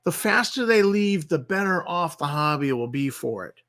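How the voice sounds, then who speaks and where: Forceful, exasperated man ranting. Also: a little high, sing-song, normal speed. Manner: exasperated, sarcastic, repetitive. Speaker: channel host. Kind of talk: ranting commentary.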